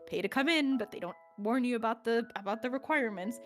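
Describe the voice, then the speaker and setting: A woman voicing a gruff, battle-scarred male half-orc fighter who grumbles in short, terse lines. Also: a little high, fast, faint music behind, lightly acted. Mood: grumbling.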